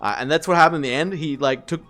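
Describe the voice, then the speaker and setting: A man's voice: on the high side, quick pace. Man, casual live stream chat, chatty storyteller, swears freely, faint music behind. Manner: rambling, animated storytelling with swearing and laughs.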